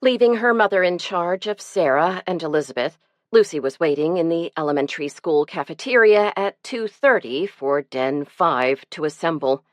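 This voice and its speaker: A woman narrating an audiobook in a measured, expressive storytelling way. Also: lowish voice, dry recording.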